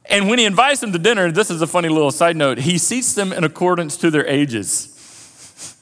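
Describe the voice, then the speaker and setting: Animated male preacher in a reverberant hall. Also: on the high side, moderate pace. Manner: animated storytelling, acting out quoted voices. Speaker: pastor. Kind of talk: sermon. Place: church auditorium.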